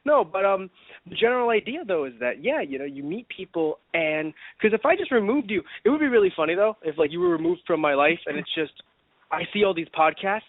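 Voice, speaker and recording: A man chatting on a podcast, his speech rambling and full of fillers and restarts. His voice sits a touch high and swings widely in pitch. The sound is dry and thin, like a phone line. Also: animated, quick pace, dry recording. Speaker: podcast co-host. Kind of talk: casual podcast chat.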